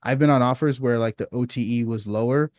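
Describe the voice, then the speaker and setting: A man's voice: mid-range voice, a little fast, no echo, studio quality. Casual man coaching on a call. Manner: relaxed, uses many fillers like "you know what I mean". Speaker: sales coach. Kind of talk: casual advice on a support call. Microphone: video call.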